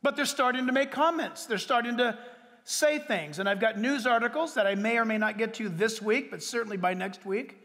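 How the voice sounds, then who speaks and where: A man preaching a sermon as pastor to his church, emphatic, with sudden leaps in pitch and long drawn-out words. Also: sharp tone. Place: church sanctuary. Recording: reverberant hall.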